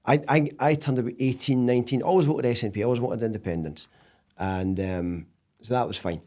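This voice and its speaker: Animated Scottish man telling stories. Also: mid-range voice, a little fast. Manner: animated storyteller, laughs often. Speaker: podcast guest. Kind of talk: casual interview chat.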